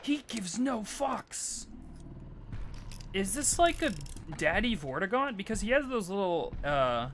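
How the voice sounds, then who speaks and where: A man giving chatty, excitable live commentary while streaming a video game, swearing casually. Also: on the high side, a little hiss or hum.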